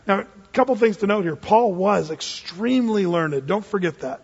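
A man preaches as a pastor in a casual, folksy way, mixing plain talk with dramatic readings of scripture. His voice sits high for a man and sounds husky. The recording is dull and lo-fi, with a long reverb from the hall. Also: animated, normal speed. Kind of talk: expository sermon.

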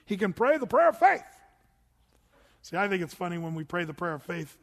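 Middle-aged male pastor, high-pitched, lively sermon storyteller who acts out voices, large reverberant church hall. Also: a little fast, vocal fry.

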